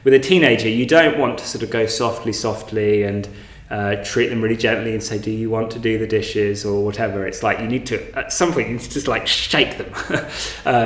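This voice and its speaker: A man's voice: mid-range voice, fairly bright tone, roomy sound. A man giving an informal meditation talk, hesitant, with many fillers and restarts. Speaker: meditation teacher. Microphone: online class, home recording.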